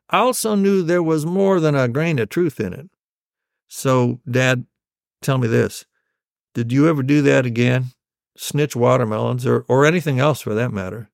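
Gravelly man telling a family story. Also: mid-range voice, no room sound, clean studio sound. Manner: unhurried, wry storytelling.

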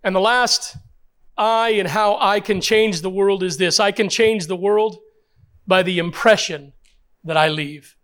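Older pastor guy preaching, high voice, keeps repeating himself and asking the crowd questions. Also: a bit bright. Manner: emphatic preaching with rhetorical questions and repetition. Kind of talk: sermon.

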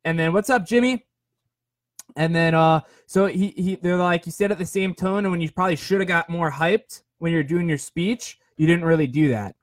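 A man's voice: fairly high pitch, steady tone, brisk, few pauses, no echo. Chatty young man, dry close sound. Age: 20s. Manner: rambling, filler-heavy, self-deprecating. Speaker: podcast host. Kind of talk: casual storytelling monologue.

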